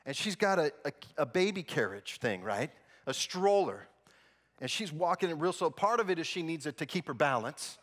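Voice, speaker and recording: Male pastor, sermon, high-pitched and animated, big reverberant sanctuary. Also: moderate pace. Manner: animated storytelling, drops low and soft to make a point. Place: large church sanctuary. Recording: long reverb in a big hall.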